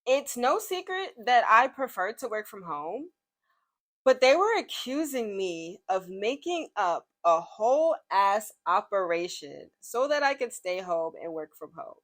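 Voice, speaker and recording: A young woman telling a dramatic storytime about work, expressive and full of slang and asides. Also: medium pitch, a little slow. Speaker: vlogger telling a workplace story. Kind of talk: animated storytime monologue.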